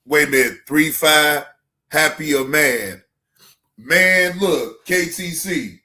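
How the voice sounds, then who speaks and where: A man's voice: on the high side, slow pace, pushed and bright, reverberant. A man hosting a livestream in casual chat, rambling loosely with slang and swearing as he talks to his chat. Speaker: livestream reaction host.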